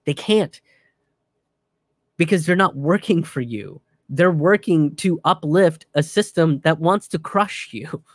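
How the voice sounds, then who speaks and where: A man's voice: fairly high pitch, slow pace, no room sound, clean studio sound. A young man and comedian giving heated, profane political commentary, ranting and restarting his sentences.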